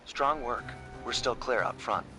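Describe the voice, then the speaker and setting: An actor voicing a cool, confident male raccoon master thief in a video game, speaking in a smooth, self-assured way. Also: mid-range voice, unhurried, close to an everyday voice. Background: game music.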